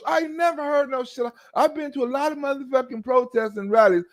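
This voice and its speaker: A man with a very high-pitched, expressive voice rants through a profane political monologue at normal speed. He mocks his targets with a streamer's loose delivery, pausing to act out chants in a scornful tone.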